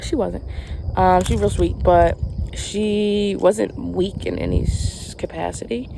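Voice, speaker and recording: A woman's voice: fairly low pitch, steady tone, takes it slowly, gravelly, background noise. A young woman with a Southern American accent, chatting casually outdoors in a rambling vlog story. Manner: rambling, chatty, many restarts and fillers. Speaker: vlogger, camp counselor. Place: outdoors, rural, in the sun.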